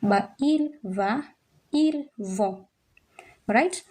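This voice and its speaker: A woman teaches at a board with a mellow, soft-edged voice. She speaks slowly and patiently, repeating each word so learners can follow along. Her delivery is unhurried and methodical. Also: a little high, lively intonation. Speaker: French teacher. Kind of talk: slow classroom explanation at a board.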